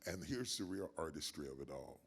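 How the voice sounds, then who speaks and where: Deep husky older preacher, measured cadence. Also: male voice, expressive. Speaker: guest pastor. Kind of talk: interview answers, preacherly.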